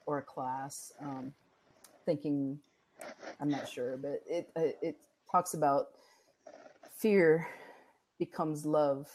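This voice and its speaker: A woman guest in a casual interview chat, speaking thoughtfully and calmly, pausing to find her words. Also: low voice, slight background noise, poor audio. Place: home with a dog nearby.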